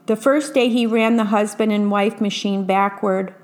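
A woman reading a picture book aloud, pausing to describe the pictures casually. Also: medium pitch, steady tone, a little mellow. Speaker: storyteller.

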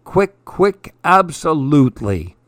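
A man voicing a dreamy, curious little male mouse who speaks in a soft, wondering, eager way, raised above his own voice. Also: a little high, very animated, takes it slowly, dry recording, heavily acted.

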